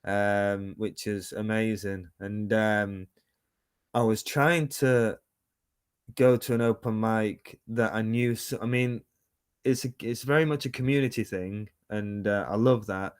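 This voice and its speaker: A man's voice: fairly low pitch, steady tone, unhurried, smooth, no room sound, studio quality. A man in his thirties, a musician and painter, talking casually in an interview over a video call, rambling with many fillers and restarts. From United Kingdom. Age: 30s.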